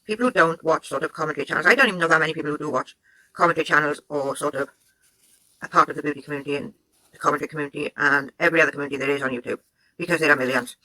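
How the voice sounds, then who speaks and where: A woman's voice: deep voice, bright, forceful tone, no echo, poor audio. A woman from Wales, host of a commentary channel, talking sarcastically straight at the man in the clip.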